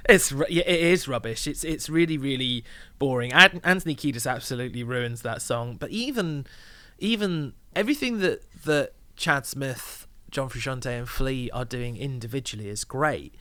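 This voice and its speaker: A man co-hosting a casual album review, weighing his words in a measured, thoughtful way and laughing easily. His middle-pitched voice is recorded dry, with no room around it. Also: animated, pushed and bright, no echo. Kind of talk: casual chat.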